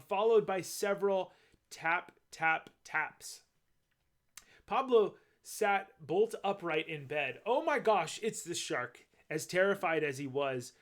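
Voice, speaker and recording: A man reading a picture book aloud, chatting about the details in each picture as he goes. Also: high-pitched. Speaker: storybook reader.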